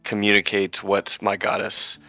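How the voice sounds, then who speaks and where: Male player, flustered and halting, very bright tone. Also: lowish voice, completely flat delivery, creaky, no room sound, rough recording. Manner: flustered, stammering with fillers. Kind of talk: casual tabletop play.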